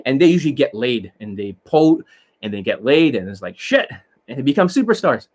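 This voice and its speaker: A man's voice: mid-range voice, very animated, brisk, a little mellow. A man, a dating coach from Canada, talking to his students in a blunt, rambling, profane monologue and scolding them.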